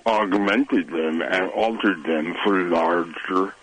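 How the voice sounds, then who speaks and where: A man playing a breathless, candy-loving fat yoga instructor on a radio call, talking slowly and deadpan. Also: low voice, breathy edge, full character voice. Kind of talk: comedy bit on a phone call. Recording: phone line.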